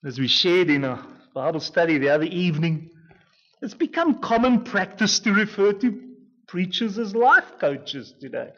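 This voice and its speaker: A man preaching an expository sermon as pastor, emphatic, with dramatic swings between loud, pleading lines and hushed ones. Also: high voice, lively intonation, moderate pace. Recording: dull lo-fi recording.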